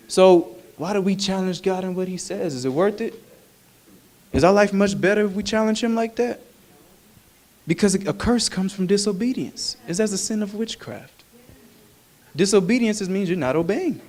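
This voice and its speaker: High-voiced man preaching with humor. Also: moderate pace, long pauses. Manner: animated, humorous, conversational preaching. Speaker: minister. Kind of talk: sermon.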